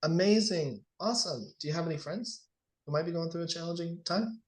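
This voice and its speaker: A man coaching on sales, lively and acting out the dialogues he describes. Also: on the high side, a little fast. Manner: animated, acts out sales dialogues. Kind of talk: casual coaching session.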